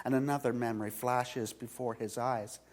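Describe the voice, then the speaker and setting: A male pastor preaching a sermon in a church, retelling a story slowly with dramatic swings from loud to hushed. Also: mid-range voice, fairly even intonation. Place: church sanctuary.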